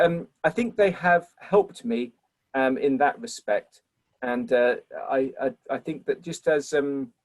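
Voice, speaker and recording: A man lecturing and answering audience questions in a thoughtful, rambling way with many fillers. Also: mid-range voice. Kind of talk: reflective Q&A answer.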